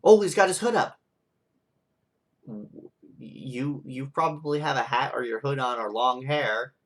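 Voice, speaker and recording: Rambling, frustrated young man. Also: mid-range voice. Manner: rambling, frustrated, full of "like" and "right?". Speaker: vlogger. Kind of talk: ranting monologue.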